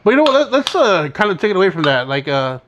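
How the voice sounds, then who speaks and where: A young man with a fairly high voice tells a long school story on a podcast. He acts out each side of the quarrel as he goes, in loose, laid-back talk. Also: quick pace, lo-fi sound, slight background noise. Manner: animated storyteller acting out dialogue. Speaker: podcast co-host. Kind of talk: casual storytelling chat.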